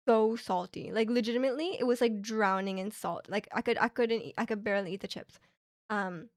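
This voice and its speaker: A woman's voice: mid-range voice, dry recording, studio quality. A young woman streaming from Canada, telling a rambling, chatty story full of fillers and restarts. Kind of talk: casual chat. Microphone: streaming microphone.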